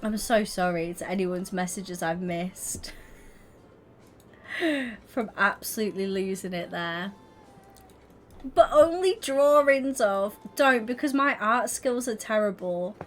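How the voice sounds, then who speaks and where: Giggly young woman streamer, slow talk. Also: medium pitch. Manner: giggly, keeps breaking into laughter. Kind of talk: casual live-stream chat with viewers.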